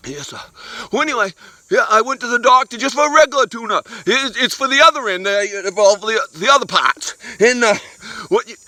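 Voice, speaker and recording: Male comedian as an old country codger, very high and pinched, rambling and crude. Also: animated, brisk, bright, forceful tone, no echo, full character voice. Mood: rambling folksy. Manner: rambling, folksy, crude, stumbling restarts. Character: rambling crude old rural man, folksy storyteller. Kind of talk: comic monologue in character.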